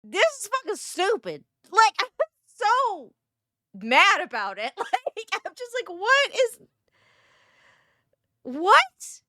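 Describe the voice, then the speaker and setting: A woman's voice: very high-pitched, wildly swooping pitch, slow pace, pauses often, sharp tone, no room sound, clean studio sound. A woman streamer reacting to a video in casual, profane chat, exasperated and often laughing.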